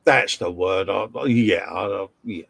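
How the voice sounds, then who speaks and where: A man's voice: deep voice, takes it slowly, gravelly, fairly bright tone, no echo. A man with a British accent co-hosting a casual live stream, reading out viewer comments and trading slangy jokes from a home workshop. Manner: jokey banter with slang.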